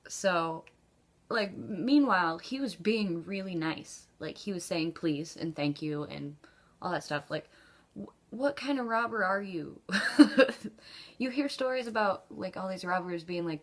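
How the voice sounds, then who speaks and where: A woman tells a story to the camera in a relaxed, chatty vlog style, her voice sitting a little low. She laughs often and leaps up in pitch whenever she acts out the people in her story. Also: measured pace. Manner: acts out quoted dialogue with pitch jumps. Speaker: vlogger. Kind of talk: casual storytelling.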